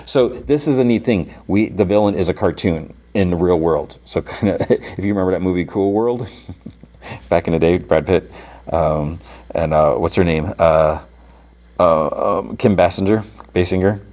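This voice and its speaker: A man's voice: sits low, normal speed, a little mellow. A man hosting a podcast, casually retelling a TV episode and quoting its characters, with lots of fillers. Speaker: podcast host.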